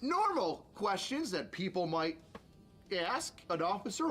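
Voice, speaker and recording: A man's voice: high-pitched, very animated, measured pace, fairly bright tone, slight background noise. A man giving sarcastic, mocking reaction commentary on a video as a streamer, ranting as he goes.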